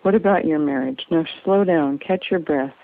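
A woman voicing a folksy, fatherly older male doctor who speaks in a gentle, coaxing way, on a tinny, dry recording. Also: low voice, normal speed, no room sound. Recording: tinny phone-like dry sound.

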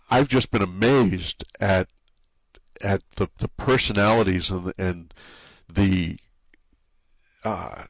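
A man's voice: deep voice, no echo. A man with a New England accent, talking in a casual interview about his forum and its people, stumbling and restarting his sentences often. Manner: halting, many restarts and repeated words. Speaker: forum site owner being interviewed.

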